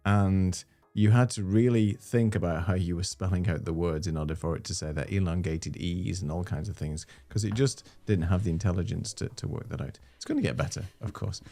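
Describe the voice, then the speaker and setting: A man's voice: low-pitched, a little fast, hardly any pauses, mellow. A man hosting a casual live stream chat, easygoing and chatty with frequent fillers. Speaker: host.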